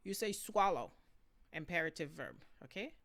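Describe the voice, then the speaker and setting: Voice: mid-range voice, lively intonation, normal speed, vocal fry, fairly bright tone. A language teacher giving a casual spoken lesson, switching between languages and checking in often with "okay?" and "right?".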